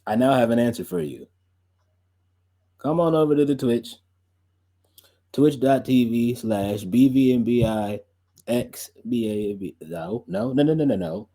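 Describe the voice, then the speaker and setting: A man's voice: mid-range voice, expressive, a little slow, long pauses, warm tone. A young man hosting a podcast and stream, chatting loosely with lots of fillers and laughs. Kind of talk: casual rambling chat.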